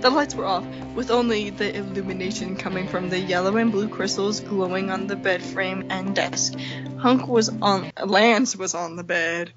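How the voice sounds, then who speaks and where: A woman of middle pitch reads fan fiction aloud in an irreverent, joking way, tripping over words now and then. The recording is muffled and lo-fi. Music plays clearly underneath her. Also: steady tone, normal speed. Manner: irreverent, joking, stumbles while reading. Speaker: podcast co-host.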